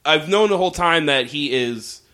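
A man's voice: on the high side, normal speed. A man co-hosting a podcast, chatting casually and profanely as he recaps a TV episode. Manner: animated, profane, acts out characters. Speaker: podcast co-host.

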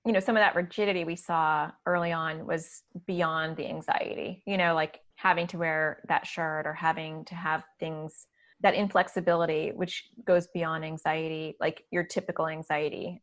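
A woman's voice: deep voice, steady tone, moderate pace, fairly bright tone. Chatty upbeat woman host. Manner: chatty, upbeat, lots of fillers and laughter. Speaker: podcast host and community organizer. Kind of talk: casual conversation.

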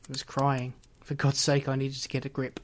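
A man's voice: mid-range voice, completely flat delivery, normal speed. A man reading a first-person story aloud in a reflective way. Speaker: narrator. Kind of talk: audiobook reading.

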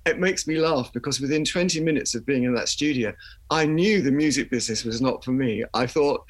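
A man's voice: medium pitch, fairly quick. An older man, a musician guest, telling chatty anecdotes in an interview and laughing as he goes. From England.

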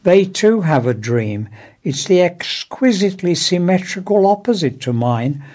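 A man with a fairly high voice reads a humorous first-person piece aloud. His delivery is wry and dry, with the jokes landing on careful timing. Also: big pitch swings, a little slow, a little mellow. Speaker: contributor reading his own column.

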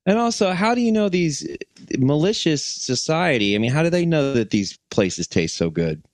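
A man's voice: a little high, very animated, moderate pace, dry recording. A man co-hosting a comedy podcast, joking around in a goofy, playful way. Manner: goofy, playful, runs with a silly bit. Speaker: podcast co-host. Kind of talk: comedic banter.

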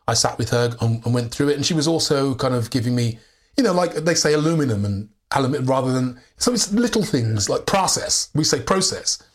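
An English actor, a man, telling anecdotes as a guest in a candid interview, restarting sentences and laughing often. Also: medium pitch. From England. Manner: animated storyteller, many restarts and laughs.

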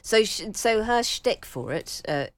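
A woman's voice: fairly high pitch, very animated, a little slow, dry recording. A woman co-hosting a radio chat show, wry and teasing, laughing as she talks. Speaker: radio co-host.

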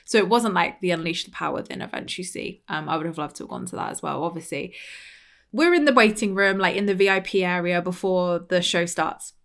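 A woman's voice: lowish voice, fairly quick, fairly bright tone. A British woman in her thirties, hosting a podcast and telling a personal story in a chatty, casual way, full of "like" and acted-out quotes. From Britain. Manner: chatty, lots of "like", acts out quoted lines. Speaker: podcast host.

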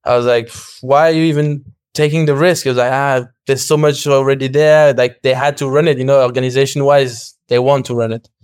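A man's voice: medium pitch, a little fast, few pauses, clear, resonant tone, dry recording, clean studio sound. A young man, a podcast guest, telling a story casually and animatedly, acting out what people said and laughing often. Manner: animated, acts out quoted dialogue, laughs often, swears.

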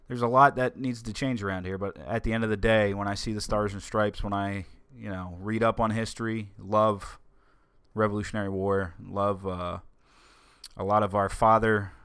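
A man's voice: lowish voice, a bit bright, smooth, no room sound, clean studio sound. Rambling American man hosting a podcast. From United States. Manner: rambling, stumbles and restarts often. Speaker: podcast host. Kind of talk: casual solo podcast chat.

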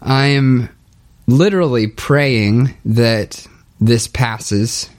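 A young man speaking a hesitant, halting confessional monologue, restarting often and sounding dejected. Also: mid-range voice, darkish tone. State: low and dejected. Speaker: podcaster documenting his spiritual journey.

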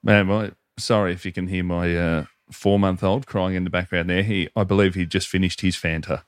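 A man's voice: sits low, level tone, brisk, smooth, no room sound. An Australian man co-hosting a podcast in casual comedic chat, joking and laughing often. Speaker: podcast co-host.

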